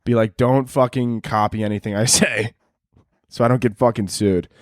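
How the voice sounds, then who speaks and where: A man's voice: steady tone, moderate pace, no room sound. Profane man ranting on a dry mic. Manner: profane, laughing, jumps between high mock voices and low mutters. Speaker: podcast host. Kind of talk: solo comedic podcast rant.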